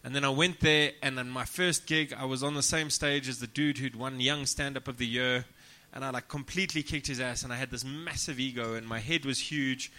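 A South African man, a comedian guest, telling stories in a deadpan, profane, self-mocking way in a casual podcast chat. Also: medium pitch, brisk, hardly any pauses.

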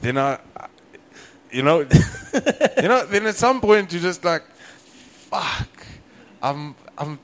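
A man's voice: high voice, very animated, takes it slowly, a bit bright. A young man, a comedian, telling a story in casual podcast chat and acting out both sides of the dialogue, swearing freely. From South Africa.

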